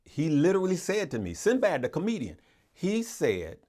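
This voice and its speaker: Warm and fairly high-pitched, a man's voice swings hugely in pitch at normal speed as he hosts a live stream. He chats casually and earnestly with viewers in a motivational way, rambling with lots of restarts, stammers, and repeated words.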